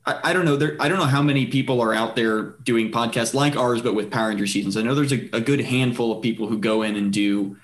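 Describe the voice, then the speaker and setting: A man's voice: medium pitch, fast talker, hardly any pauses. A man hosting a casual podcast chat, rambling with many fillers and restarts. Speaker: podcast host.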